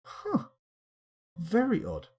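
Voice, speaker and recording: A man's voice: high-pitched, wildly swooping pitch, very slow, mellow, slightly rough. A man streaming live, rambling wryly to himself as he plays. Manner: rambling, muttering to himself, wry asides. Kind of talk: live game commentary.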